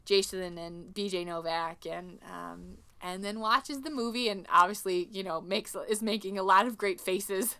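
Bright, clear-voiced woman recapping a film. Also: medium pitch, normal speed, hardly any pauses. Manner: chatty, retells scenes with quoted voices. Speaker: podcast co-host. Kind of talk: casual movie recap chat.

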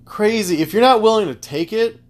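A man hosting a casual solo podcast, rambling through tangents in a loose, profane, animated way. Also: high voice, fairly quick. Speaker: podcast host.

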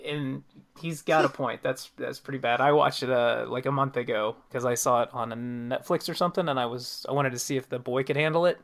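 Male podcast host, casual and excitable, with a gravelly edge and a bright, forward tone. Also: mid-range voice, a little fast. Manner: animated, laughs often, stumbles and restarts. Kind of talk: casual chat.

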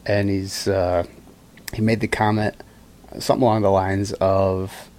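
A man's voice: low-pitched, little pitch movement, a little slow, darkish tone. A man co-hosting a casual chat, rambling and laughing as he reads quotes aloud. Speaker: podcast co-host.

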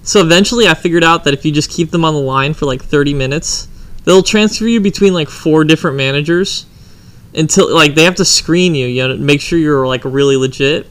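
A man's voice: a little high, brisk, fairly bright tone. A young man in casual chat, telling crude prank-call stories with a joking, profane manner. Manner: crude, joking storyteller who acts out phone calls.

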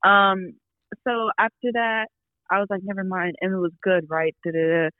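A woman's voice: mid-range voice, normal speed, dry recording, phone-quality sound. A young adult woman, a podcast guest, telling a long personal story in casual chat, full of "like"s and quoted asides. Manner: rambling storyteller, many "like"s.

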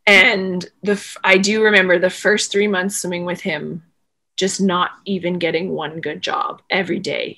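A woman being interviewed, telling a long story in casual, animated talk full of "like" fillers. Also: on the low side, normal speed. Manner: animated, rambling, frequent "like" fillers. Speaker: interview guest, former swimmer.

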